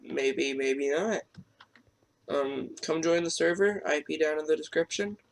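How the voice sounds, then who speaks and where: Rambling teen boy with a gravelly voice. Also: a little high, unhurried. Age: teens. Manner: rambling, self-deprecating, stutters. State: strained throat. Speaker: gamer. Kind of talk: casual gameplay commentary.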